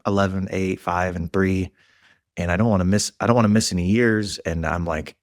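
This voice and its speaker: A podcast host in his late thirties asks questions in an earnest, candid way. His voice sits on the low side. It is recorded close and dry, with no room sound. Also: normal speed, dry recording. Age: 30s. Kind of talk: casual interview chat.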